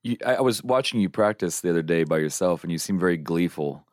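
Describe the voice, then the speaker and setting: A man, an actor guesting on a podcast, telling stories with animated enthusiasm. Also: deep voice, fast talker, no room sound, clean studio sound. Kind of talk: casual chat.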